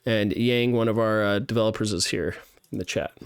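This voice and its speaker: A man's voice: fairly low pitch, steady tone, a little fast, smooth, dry recording, clean studio sound. A man streaming a live playtest of student games, thinking aloud with lots of fillers and restarts as he gives feedback. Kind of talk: live game playtest commentary.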